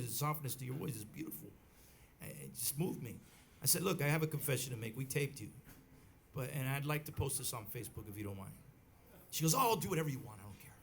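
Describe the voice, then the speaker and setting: A middle-aged bandleader telling a rambling story on stage at a live club, with many restarts and acted quotes. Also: male voice, a little high, gravelly. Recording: live club recording with faint crowd noise.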